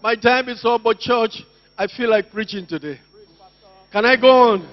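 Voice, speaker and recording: A man's voice: extremely high pitch, moderate pace, lo-fi sound. A man preaching a sermon at a church service, calling out to the congregation with passion. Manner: impassioned, calls out to the congregation.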